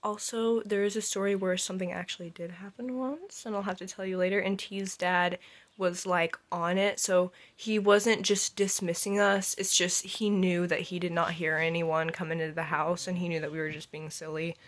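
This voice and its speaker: A young adult woman telling a story casually in an animated way, acting out the scenes and saying "like" often. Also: fairly low pitch, normal speed.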